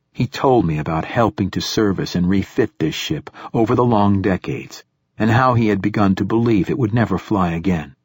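A man narrating a first-person science-fiction audiobook in a measured, steady storytelling manner. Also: sits low, breathy edge, no echo, clean studio sound.

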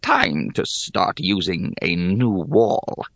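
A man's voice: sits low, huge pitch swings, slow pace, creaky, a bit bright, dry recording, studio quality, full character voice. A man voicing an ancient bald hag who gambles on everything, talking in a lazy, sly drawl.

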